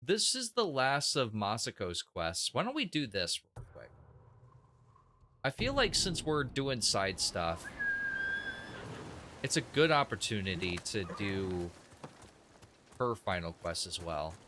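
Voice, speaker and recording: A man's voice: fairly low pitch, big pitch swings, slow pace, pauses often, noisy background. A young man casually commenting on his own gameplay as a streamer, thinking aloud and judging what he sees. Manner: chatty, opinionated, thinks aloud with restarts. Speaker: game streamer.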